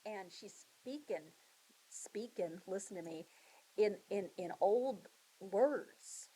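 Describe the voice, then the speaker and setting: A middle-aged woman, a school librarian, casually retelling and recommending books for students in a chatty, animated way. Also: mid-range voice, slow pace, slight background noise, rough recording. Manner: chatty, animated storytelling with acted voices. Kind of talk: book review for students.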